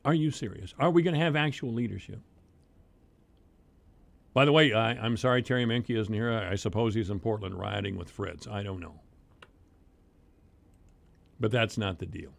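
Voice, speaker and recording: A man hosting talk radio with a Midwestern American accent, delivering a heated, sarcastic opinion monologue that swings between loud outbursts and low muttering. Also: normal speed, creaky, long pauses. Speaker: radio talk show host.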